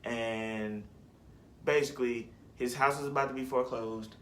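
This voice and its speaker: Young guy rambling about movies, slangy, mid pitch, faint noise behind. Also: steady tone, moderate pace, fairly bright tone. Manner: rambling, slangy, restarts and self-corrections. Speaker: vlogger. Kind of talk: casual movie list chat.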